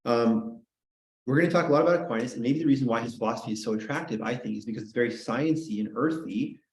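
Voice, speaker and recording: Male teacher, playful and chatty, mid-pitched voice, roomy classroom echo. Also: darkish tone. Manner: playful, joking, chatty asides. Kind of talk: classroom lecture.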